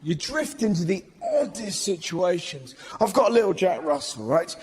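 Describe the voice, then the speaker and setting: A man doing stand-up comedy, brash and swearing, with shouted put-on voices. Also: sits high, lively intonation, normal speed, crowd noise. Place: large live venue. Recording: roomy live recording with audience noise.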